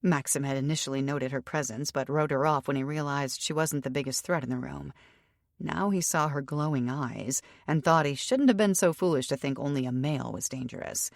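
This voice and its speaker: A woman narrating a romance audiobook in a steady, even storytelling voice. Her voice sits low for a woman, and the close studio mic gives a dry, dead sound. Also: brisk, vocal fry, no echo. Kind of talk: scripted narration.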